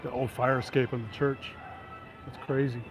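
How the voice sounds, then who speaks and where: A man's voice: medium pitch, little pitch movement, normal speed, over music. A man casually narrating a walk through city streets, rambling through anecdotes with many fillers, recorded on a handheld camera mic while walking. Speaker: vlogger. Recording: street noise behind voice. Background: traffic and city ambience.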